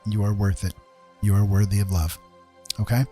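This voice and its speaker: A man hosting a casual live-stream chat, earnest and reassuring, talking haltingly with many fillers and restarts. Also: lowish voice, little pitch movement, warm tone, faint music behind. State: getting a little emotional.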